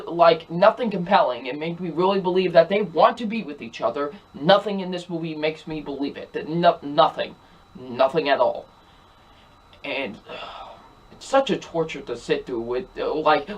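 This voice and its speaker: A film reviewer talking casually in a ranting movie review, exasperated and emphatic, repeating the same points over and over. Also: medium pitch.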